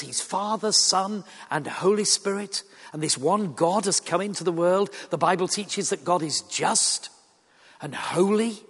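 A middle-aged man from Yorkshire preaches with a Yorkshire accent and a fairly high voice for a man, his sermon earnest but dotted with dry humour. The sound carries a long hall reverb, as if heard in a large church. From Yorkshire, England. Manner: earnest, conversational preaching with wry asides.

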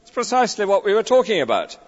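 A man's voice: sits high, very animated, quick pace. A man preaching a sermon, emphatic, often tagging on rhetorical questions. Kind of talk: expository sermon. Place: large church. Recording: dull recording with long church reverb.

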